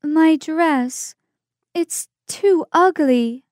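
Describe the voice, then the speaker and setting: Woman putting on a timid young girl, very high and sweet, very slow, small pleading voice, storybook. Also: a little mellow, dry recording, studio quality. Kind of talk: storybook character voice.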